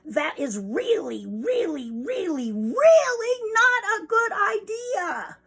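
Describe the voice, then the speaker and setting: A woman voicing a group of frantic little chicks pleading out a warning, high and drawn out. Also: huge pitch swings, very slow, creaky, darkish tone, slightly rough, exaggerated voice.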